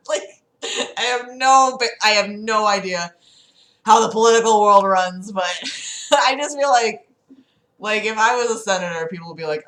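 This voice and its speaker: A woman's voice: medium pitch, a little slow, long pauses, fairly bright tone, roomy sound. A young woman hosting a casual livestream from her city apartment, rambling and giggling, with lots of "like". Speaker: livestream host.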